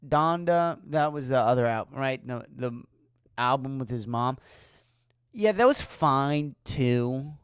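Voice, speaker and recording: Slow, sarcastic ranting woman. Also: extremely low pitch, clear, resonant tone, no room sound, clean studio sound. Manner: profane, sarcastic, rhetorical questioning. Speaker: podcast host. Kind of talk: solo podcast rant.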